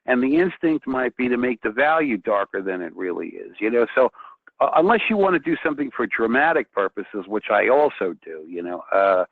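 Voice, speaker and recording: Excitable man over a tinny line. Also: mid-range voice, fairly quick, creaky, no echo. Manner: excitable, restarts often. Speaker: guest painter. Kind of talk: casual chat. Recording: tinny phone-like line, dry.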